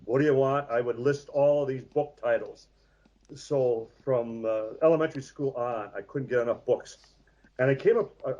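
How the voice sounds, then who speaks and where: An American man in his sixties speaks as an interview guest, telling his story slowly and thoughtfully, with many small hesitations. His voice sits at a middling pitch. The audio sounds dull and lo-fi. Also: a little mellow. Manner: measured, reflective storytelling with frequent hesitations. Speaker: guest author. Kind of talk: interview conversation.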